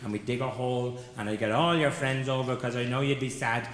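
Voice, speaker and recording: An Irish comedian voicing a gentle, reassuring father talking softly to his little son. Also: medium pitch, steady tone, fairly quick, voice pushed down, close to an everyday voice. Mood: soothing. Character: patient soothing dad explaining to his son. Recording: echoey hall with background noise.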